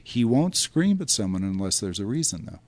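An older man tells long, rambling anecdotes in a relaxed interview. His voice sits a little low, and he keeps acting out other people's lines with bursts of laughter along the way. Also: brisk. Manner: rambling, animated storyteller who acts out quotes and laughs often. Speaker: film historian guest. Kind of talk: casual anecdotal storytelling.

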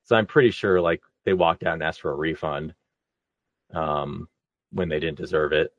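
A man's voice: very deep voice, steady tone, normal speed, dry recording, muffled recording. A man telling a story in a casual podcast chat, laid-back and laughing as he goes. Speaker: podcast co-host.

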